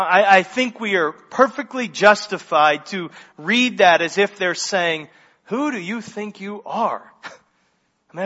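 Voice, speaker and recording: A high, bright-voiced man preaching with emphatic, animated delivery and casual asides. His voice carries a long reverb, as if he were in a large church, and the sound is slightly muffled. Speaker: pastor. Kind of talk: sermon.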